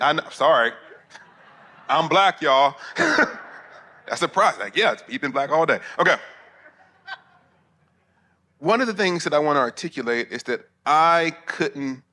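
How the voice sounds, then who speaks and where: Middle-aged man, bright sharp tone, conference talk full of jokes and asides to the room. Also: fairly high pitch. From Alabama, US. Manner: humorous, conversational, with asides to the crowd. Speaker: preacher and theologian. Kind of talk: conference sermon. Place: conference hall before pastors.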